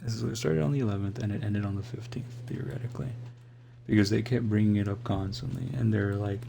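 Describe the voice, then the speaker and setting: A young man tells a story on his live stream with a low, gravelly voice. He rambles, swears freely and keeps restarting his sentences. A clear, steady hum sits under the whole recording. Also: fast talker. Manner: rambling, profane, full of "like" and restarts.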